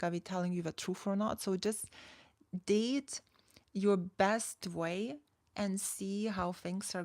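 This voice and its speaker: A woman's voice: lowish voice, vocal fry, no echo. A woman in her forties, a dating coach, talking casually to her viewers and reading their chat messages, with lots of "like" and restarts. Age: 40s. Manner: chatty, full of "like" and restarts, reads chat aloud.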